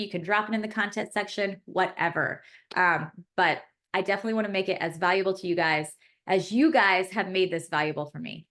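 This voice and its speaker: A woman's voice: mid-range voice, fairly bright tone. A woman pharmacist hosting a live webinar class, chatty and effusive as she reads the chat and answers questions aloud.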